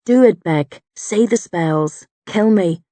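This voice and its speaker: A woman voicing a wounded older male druid, gruff and stubborn, speaking low and strained in an audiobook. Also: slow pace, mellow, no echo, lightly acted.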